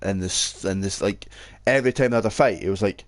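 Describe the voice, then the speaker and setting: A man's voice: sits low, brisk, dry recording, studio quality. A young Scottish man co-hosting a podcast, in casual, sweary chat on a headset microphone. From Scotland. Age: young adult. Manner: sweary, laid-back, yawning. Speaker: podcast co-host.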